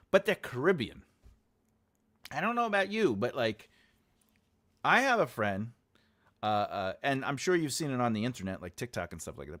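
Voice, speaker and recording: A man's voice: fairly low pitch, a bit bright. A man from the United States hosting his channel as an author, rambling casually and repeating his phrases as he talks to viewers. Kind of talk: casual livestream chat.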